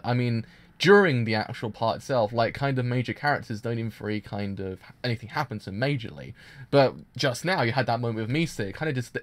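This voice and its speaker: A man streaming a live anime reaction, gushing and excitable, with many restarts and fillers. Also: medium pitch. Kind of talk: casual live reaction commentary.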